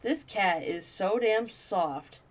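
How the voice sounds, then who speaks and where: A woman's voice: mid-range voice, animated, slow. A woman streaming a horror game live, chatting and cooing affectionately to her cat between reading passages.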